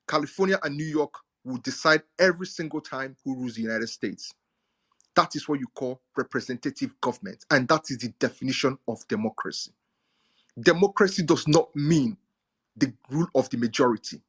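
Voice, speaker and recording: A man makes a political argument in a live audio chat. His voice is husky and a little rough, at a middle pitch. He lectures with emphasis and hammers his key words through repetition. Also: fairly bright tone. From Nigeria. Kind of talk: explanatory political talk.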